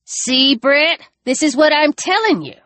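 Grandmotherly older woman, scheming and insistent, reader voicing her, raised pitch. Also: lively intonation, a little slow, a bit bright, no room sound.

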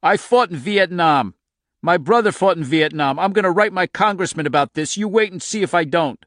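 A man's voice: on the high side, a little slow, gravelly, a bit bright, dry recording, studio quality, voice pushed up, full character voice. A man voicing a big middle-aged male diner owner protesting in shame and outrage. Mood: outraged. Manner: indignant protest.

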